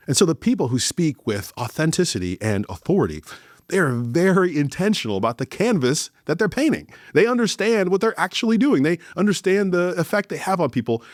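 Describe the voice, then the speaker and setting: A man hosting a leadership talk, speaking deliberately and emphatically and slowing down for key points. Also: mid-range voice, dry recording, studio quality. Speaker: host.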